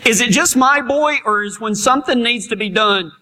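Folksy high-voiced preacher man. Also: normal speed, pushed and bright. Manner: folksy, laughing storyteller. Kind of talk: storytelling sermon.

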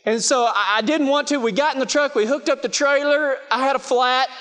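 A man's voice: extremely high pitch, brisk, a bit bright, clear, resonant tone. A man with a West Texas accent preaching in a chatty, self-mocking storytelling style, full of "you know" asides, to a live audience. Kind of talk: storytelling sermon. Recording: long reverb of a big hall.

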